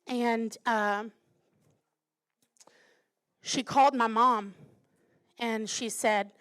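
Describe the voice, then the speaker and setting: A woman in her thirties preaches from the pulpit, her voice sitting a little high. She tells a personal story with earnest, quiet care, then builds to strong, emphatic declarations. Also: steady tone, extremely slow, pauses often, clear, resonant tone. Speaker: pastor. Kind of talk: sermon.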